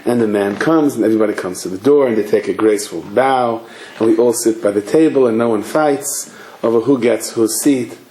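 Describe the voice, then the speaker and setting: A man, a rabbi, giving a sermon with animated storytelling and acted-out dialogue. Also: fairly low pitch, brisk. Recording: echoey room, faint ambience.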